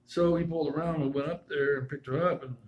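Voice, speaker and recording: A man's voice: fairly high pitch, steady tone, fast, phone-quality sound. A man casually telling a spooky personal story, rambling and full of asides and restarts.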